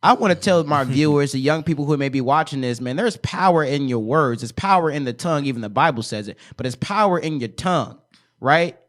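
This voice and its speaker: A man's voice: on the high side, brisk. Encouraging podcast host, a man with a raised voice. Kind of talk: casual podcast interview.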